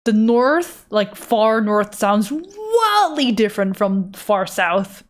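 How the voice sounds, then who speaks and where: A woman's voice: mid-range voice, sing-song, takes it slowly. Chatty Dutch-accented woman streamer. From Netherlands. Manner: chatty and rambling, casual swearing. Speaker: art streamer. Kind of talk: casual chat while drawing on a livestream.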